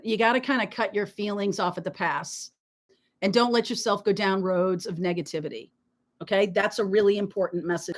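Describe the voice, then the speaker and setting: A woman hosting a live tarot reading, talking to her viewers in a reassuring, emphatic way while nursing a sore throat. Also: medium pitch. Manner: reassuring, emphatic, peppered with "okay?". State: sore throat, frequent throat-clearing. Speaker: tarot reader, live stream host.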